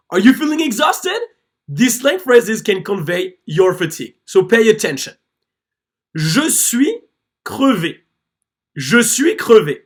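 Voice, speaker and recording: Teacher, slow, sing-song delivery, clear phrase-drilling lesson narration. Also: medium pitch, fairly bright tone. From France. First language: French. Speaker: French teacher. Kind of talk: scripted slide-based lesson narration.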